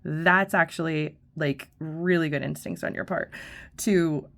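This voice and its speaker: A woman's voice: sits low, fairly even intonation, measured pace, gravelly, fairly bright tone. A middle-aged woman host telling a story in a casual, profane, chatty way, full of fillers and laughs. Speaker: vlogger host.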